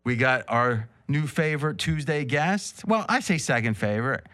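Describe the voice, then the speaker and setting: A man's voice: mid-range voice, lively intonation, normal speed, a bit bright. A man hosting a casual sports betting talk show, joking and teasing his guests with rambling asides. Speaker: host.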